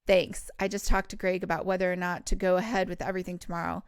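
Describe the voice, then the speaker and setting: A woman's voice: fairly low pitch, flat delivery, fast talker, clear, resonant tone, no echo, clean studio sound. A woman hosting a podcast, reading a cozy novel aloud and breaking off for casual, laughing asides. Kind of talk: storybook read-aloud with chatty asides.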